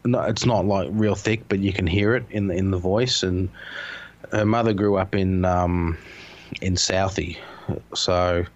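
A man with a very low, deep voice chats casually at home. He rambles through stories, swears freely and laughs often. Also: fairly even intonation, measured pace, highs cut off. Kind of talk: casual chat.

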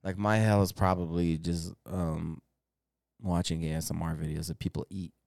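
A young adult man co-hosting a podcast, chatting casually and telling animated stories with frequent swearing and laughter. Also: low-pitched, moderate pace, gravelly, no echo, clean studio sound. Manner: animated storytelling, swears freely, laughs often. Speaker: podcast co-host. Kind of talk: casual chat.

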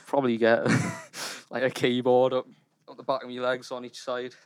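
A young man, a guest musician, chatting casually, laid-back and quick to laugh. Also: medium pitch, completely flat delivery, clean tone, dry recording, clean studio sound. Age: young adult. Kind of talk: casual chat.

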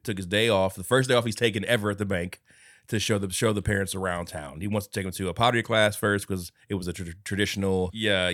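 A man's voice: low voice, fairly bright tone, no room sound, clean studio sound. A man co-hosting a podcast, recapping a movie in casual, profane chat and acting out characters' lines with laughter. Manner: swears often and acts out lines, laughing. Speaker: podcast co-host.

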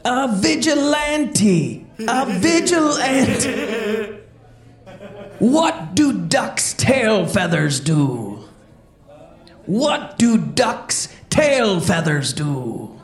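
A woman's voice: a little high, very animated, extremely slow, heavily acted. A woman voicing a jolly male pirate comedian with growly pirate talk for a children's stand-up podcast. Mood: joking. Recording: roomy echo.

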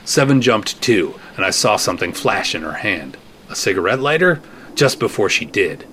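A man giving a first-person scripted narration of an audio drama, steady and dry, with terse asides. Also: lowish voice, moderate pace. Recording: noisy recording.

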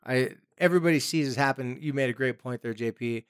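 A man's voice: medium pitch, quick pace, clear, resonant tone. Man, podcast co-host, casual advice chat, emphatic, acts out quotes.

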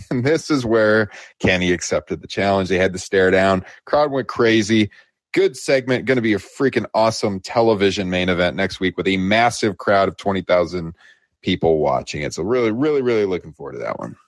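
Guy with a lowish voice chatting about wrestling, laughs a lot, dead dry mic. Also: expressive, brisk, dry recording. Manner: laughs often, quotes wrestlers with lifted pitch. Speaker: podcast co-host. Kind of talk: casual wrestling recap chat.

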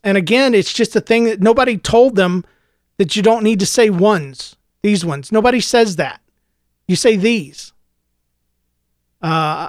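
A man's voice: high-pitched, takes it slowly, pauses often. A middle-aged American man rants through a podcast monologue in an opinionated, lecturing tone, his exasperation never far from the surface. The sound is dry and close, with no room echo at all. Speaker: podcast host.

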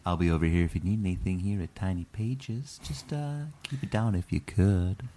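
A man's voice: low voice, moderate pace, warm tone, a little hiss or hum. A man improvising as a small bookstore owner, with folksy, salesy patter. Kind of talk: improvised comedy scene.

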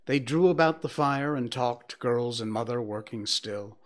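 A man narrates a classic tale aloud at a slow, deliberate pace. His voice sits in a middle pitch and drops to a hush for quiet moments. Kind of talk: storybook reading aloud.

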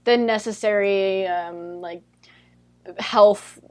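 A woman's voice: mid-range voice, steady tone, slow. A woman hosting a podcast, chatty and upbeat as she asks questions. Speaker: podcast host. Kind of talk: casual podcast interview.

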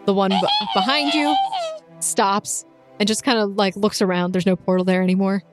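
A woman narrating as game master of a tabletop game, lively and playful, often laughing. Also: medium pitch, moderate pace, soft background music.

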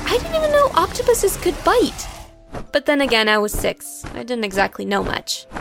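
A woman narrating a first-person story in an expressive, dramatic way. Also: sits high, moderate pace, vocal fry. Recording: background music.

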